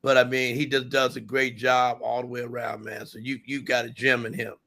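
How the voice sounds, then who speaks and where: Brief: male guest, gravelly, flat and bright-edged tone, relaxed interview talk. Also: mid-range voice, a little fast. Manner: appreciative, many "you know"s. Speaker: guest, network executive. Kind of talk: casual talk show interview.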